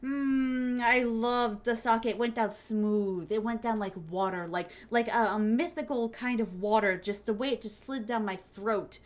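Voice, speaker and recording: A young adult woman streams a game and chats casually with her viewers, bubbly and giggly, full of fillers and sudden squeals, calling them pet names. Her voice sits fairly high, and she speaks unhurriedly with few pauses.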